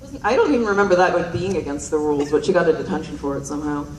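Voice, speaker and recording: A woman's voice: deep voice, racing, slight background noise. A young woman telling rambling, self-deprecating stand-up stories on stage into a handheld mic, with lots of ums and giggles. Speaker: stand-up comedian. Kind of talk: stand-up storytelling. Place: stage at a performance night. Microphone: handheld stage microphone. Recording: roomy hall mic heard from a distance.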